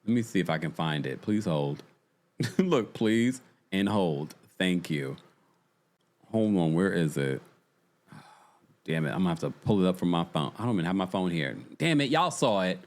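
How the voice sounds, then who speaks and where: A man's voice: low voice, normal speed. A man hosting a casual reality TV recap, exasperated and chatty, reacting to his viewers. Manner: exasperated, animated, chatty, talks to the chat. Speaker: podcast host.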